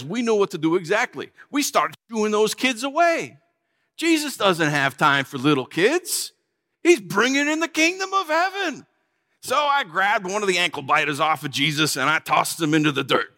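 Lively high-voiced man preaching in character. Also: moderate pace. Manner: animated storytelling in character as a disciple, playful and chatty. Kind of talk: dramatic first-person sermon monologue. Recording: long hall reverb.

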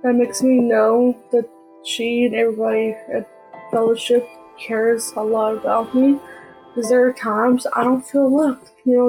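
A woman's voice: on the high side, a little mellow, poor audio. A woman hosting her own podcast, telling personal stories in earnest, plain short sentences. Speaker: podcast host. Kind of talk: casual personal storytelling.

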